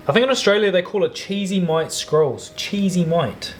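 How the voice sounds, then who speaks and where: A man's voice: fairly high pitch, expressive, moderate pace, few pauses, a little hiss or hum. A man talking casually through a home baking video, loose and chatty with slangy asides. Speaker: home cook. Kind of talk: casual cooking vlog.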